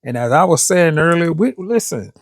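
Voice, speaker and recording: A man's voice: fairly high pitch, very animated, moderate pace, no echo, studio quality. A man co-hosting a podcast, opening the show with hyped, fired-up energy. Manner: hyped, fired up, preacher-like cadence. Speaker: podcast co-host.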